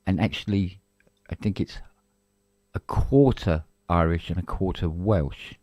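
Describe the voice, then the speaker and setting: A man's voice: low voice, a little slow, a little mellow, no echo. A middle-aged man from England, co-hosting a live stream in casual chat, rambling with restarts and the odd cough.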